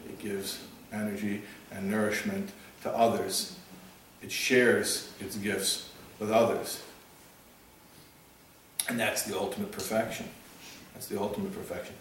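A man's voice: on the low side, flat delivery, unhurried, long pauses, a bit bright. A man giving a storytelling sermon as a religious teacher. He talks earnestly, often repeats and restarts words, and mixes in Hebrew and Yiddish terms. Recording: very echoey room, distant mic, faint noise.

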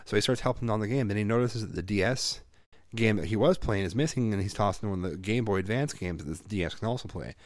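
A man in his thirties, a parent, telling a profane, animated story in casual chat. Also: fairly low pitch, fast, no room sound, studio quality.

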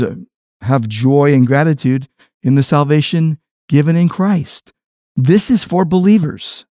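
Emphatic male preacher, mid-pitched, dry sound. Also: no room sound. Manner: emphatic preaching, swings between soft low lines and raised stressed phrases. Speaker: pastor. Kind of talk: sermon.

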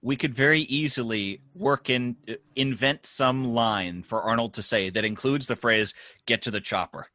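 A man's voice: medium pitch, normal speed, pushed and bright, no echo, muffled recording. A man hosting a casual behind-the-scenes chat, rambling with restarts and quoted asides. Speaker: podcast host.

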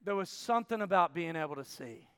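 A man in his forties from Arkansas preaching a sermon, telling a story with animated bursts of shouting and then dropping to a quiet, intense tone. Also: sits high, fast talker, clean tone. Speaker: camp preacher. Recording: long hall reverb.

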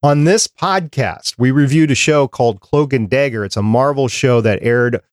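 A man in a casual podcast conversation, reading down a prepared list in a chatty, easygoing way. His voice sits at a middle pitch and sounds dry and close, with no room echo. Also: moderate pace, smooth. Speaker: podcast host.

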